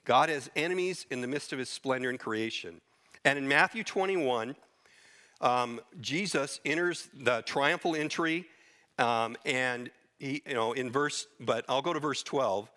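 Bright-voiced middle-aged male preacher. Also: mid-range voice, unhurried. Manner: earnest, unscripted Bible teaching, with restarts and quoted verses. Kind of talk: sermon.

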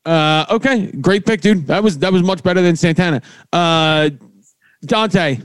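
A man hosting a podcast in casual, profane chat, telling stories with a slightly higher pitch than his cohosts. The sound is dry and close, with no room echo. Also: a little slow, smooth. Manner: profane, storytelling. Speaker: podcast host.

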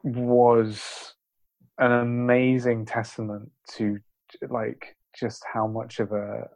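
A man's voice: medium pitch, monotone, takes it slowly, darkish tone. Playful, teasing male podcast host. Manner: playful, teasing, thinks aloud with restarts. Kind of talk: casual podcast chat.

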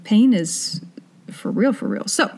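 Woman, podcast co-host, casual chat, animated retelling, acts out voices. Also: mid-range voice. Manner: animated, acts out characters' lines in quick voices.

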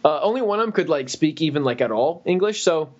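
A podcast co-host speaks fast with lively intonation, casually rambling through work stories and acting out the people he quotes in high voices. The audio is dull and lo-fi.

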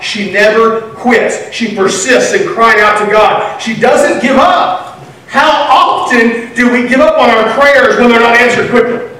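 High-voiced preacher in an echoing hall. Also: male voice, lively intonation, measured pace, a little hiss or hum. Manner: impassioned, rising to shouts and dropping to near whispers. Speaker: pastor. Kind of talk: sermon. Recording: echoey room, voice from some distance.

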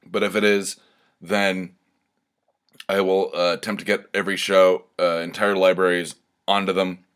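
A man with a fairly low voice hosts his own podcast alone. He talks casually, rambling through stories and updates with plenty of fillers, restarts and the odd swear word. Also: little pitch movement, moderate pace, fairly bright tone, clean tone. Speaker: podcast host. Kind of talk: casual solo podcast chat.

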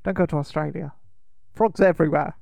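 Gravelly man, teasing. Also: on the high side, fairly even intonation, fairly quick, a little mellow, no room sound. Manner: teasing, steers the talk along. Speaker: podcast co-host. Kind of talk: casual chat.

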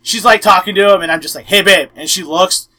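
A man's voice: high voice, fairly quick, low-quality recording. A young man hosting a casual podcast, telling a long story and acting out the quotes with lots of "I'm like". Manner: animated, acts out quotes, frequent "I'm like". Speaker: podcast host.

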